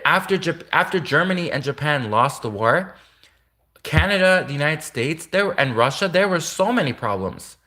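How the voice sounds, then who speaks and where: Rambling bright-voiced man. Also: fairly high pitch, expressive, normal speed. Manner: rambling, repeats himself, restarts sentences. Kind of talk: casual monologue.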